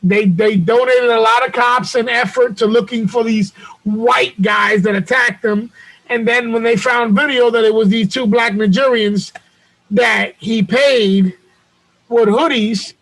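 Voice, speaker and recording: A man hosting a show over a video call, telling a story in a loud, profane, animated way. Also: very high voice, measured pace, rough recording. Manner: loud, profane, animated retelling with acted quotes. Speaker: podcast host.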